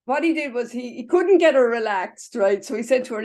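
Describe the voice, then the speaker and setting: A woman's voice: fairly high pitch, lively intonation, brisk, hardly any pauses, darkish tone. A woman teaching a class over a video call, chatty, explaining with everyday images and checking in with "right?" and "okay?" after nearly every phrase. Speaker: wellness instructor.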